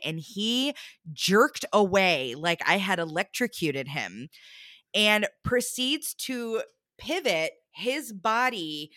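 A woman's voice: mid-range voice, sharp tone, no room sound, clean studio sound. A young adult woman animatedly recounting a bad date in casual chat, acting out the quotes with lots of fillers.

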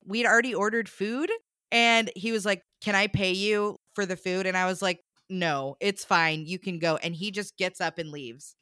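A woman's voice: medium pitch, moderate pace, clean tone, dry recording, studio quality. A woman casually telling a dating story on a podcast, acting out the people she quotes. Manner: animated, acts out quoted voices. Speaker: podcast co-host.

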